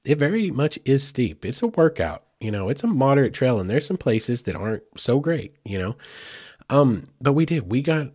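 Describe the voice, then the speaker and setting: A man's voice: medium pitch, big pitch swings, moderate pace, darkish tone, no echo, studio quality. A man, a father, telling a family story in a casual, rambling way with lots of fillers. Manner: rambling, chatty, with many fillers like "like" and "you know".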